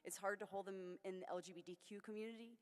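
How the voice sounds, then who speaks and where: A woman's voice: mid-range voice, steady tone, fast talker, clean tone. A woman giving a conference keynote, telling personal stories in an earnest way. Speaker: keynote speaker. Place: large conference hall. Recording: long reverb of a large hall.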